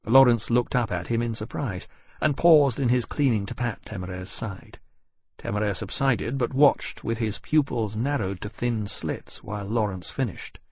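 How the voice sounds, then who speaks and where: A man reading an audiobook in a measured, even storytelling manner. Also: medium pitch, husky, dry recording. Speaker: audiobook narrator. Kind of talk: scripted narration.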